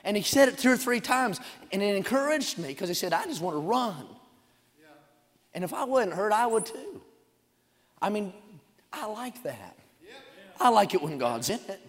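A man preaching a revival sermon in a church sanctuary, shouting and chanting his points, then dropping into quieter storytelling asides. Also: high voice, sing-song, normal speed, pauses often. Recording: long hall reverb.

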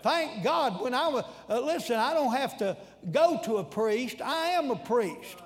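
A man preaching a sermon in a church, telling stories in a folksy, animated way with sudden shouts. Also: very high voice, unhurried. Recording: long reverb in a large hall.

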